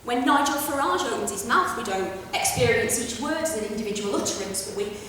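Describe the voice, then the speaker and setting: A woman giving a chatty, brash stand-up comedy lecture on a theatre stage, with quick asides. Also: on the high side, expressive, fairly bright tone, distant mic, slight background noise. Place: theatre stage before a live audience. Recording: echoey hall recorded from afar.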